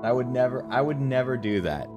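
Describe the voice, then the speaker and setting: A man's voice: mid-range voice, animated, fairly quick, lo-fi sound, over music. A man streaming live, chatting to his viewers in a joking, profane way while testing a voice changer. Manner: joking, profane, addresses chat directly. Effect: voice changer being tested. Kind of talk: casual livestream chat.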